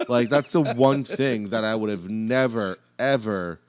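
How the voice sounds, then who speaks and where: A man's voice: mid-range voice, a little slow. A man co-hosting a podcast in casual chat, telling stories emphatically with plenty of swearing. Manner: animated, profane, emphatic storytelling. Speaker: podcast co-host.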